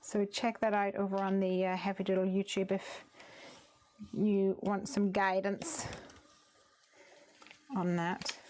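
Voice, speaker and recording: A woman's voice: mid-range voice, flat delivery, slow, pauses often, darkish tone. A woman hosting a casual crafting livestream, chatting through each step as she works.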